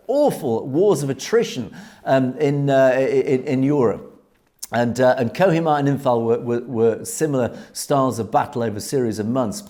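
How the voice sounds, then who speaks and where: A man hosting a news commentary show, telling military history in an earnest, measured way with frequent hesitations. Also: medium pitch, a little mellow.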